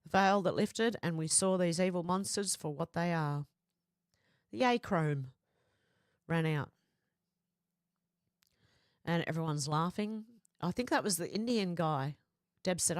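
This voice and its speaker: An Australian woman hosting a livestream, chatting casually and reading viewer comments aloud in a lively quoting voice. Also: lowish voice, measured pace, no room sound, studio quality. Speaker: livestream host.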